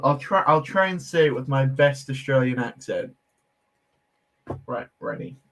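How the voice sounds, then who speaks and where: Male livestream host, relaxed and slow-paced, chats with viewers while tinkering, quick to laugh at himself. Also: mid-range voice. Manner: chatty, answers viewer chat while tinkering with a build; laughs easily, self-deprecating. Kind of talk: casual livestream chat.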